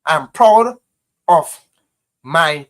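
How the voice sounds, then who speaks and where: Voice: medium pitch, lively intonation, drawn-out words, a bit bright. A speaker from Grenada with a Grenadian accent, hosting a casual live stream and talking passionately to viewers, repeating phrases and often saying "you know". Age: adult parent. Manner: impassioned, repetitive, heavy use of "you know".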